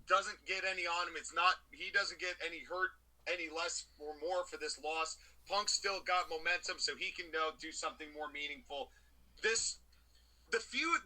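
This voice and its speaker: A man co-hosting a wrestling review podcast, telling the story of a match in an opinionated, animated way. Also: high-pitched, poor audio. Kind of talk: casual review chat.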